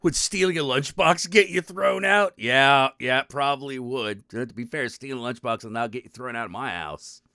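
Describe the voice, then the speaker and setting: A man's voice: medium pitch, moderate pace, few pauses, sharp tone, smooth, no echo, clean studio sound. A man hosting his own stream, ranting casually and profanely to his chat, rambling and exasperated with lots of restarts. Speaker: stream host.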